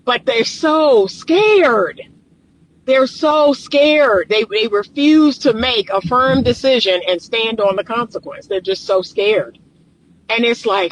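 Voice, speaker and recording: Speaking slowly in a fairly high voice, a woman gives relationship advice directly to camera, casual and colloquial yet emphatic and preachy, with frequent laughter between points. The audio is poor, with slight background noise.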